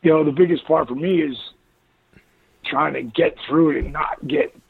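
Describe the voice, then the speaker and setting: A man with a gravelly, husky voice pitched a little high tells rambling, animated stories as an interview guest. His voice comes through a tinny, phone-like line that sounds dry and close. He laughs often between his stories. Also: normal speed. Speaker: interview guest, former wrestler. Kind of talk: casual interview chat.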